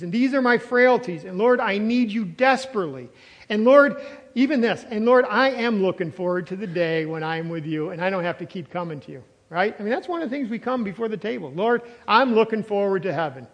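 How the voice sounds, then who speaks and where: A male pastor preaching a sermon, emphatic, repeating phrases and quizzing the congregation. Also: sits high. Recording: long reverb of a large hall.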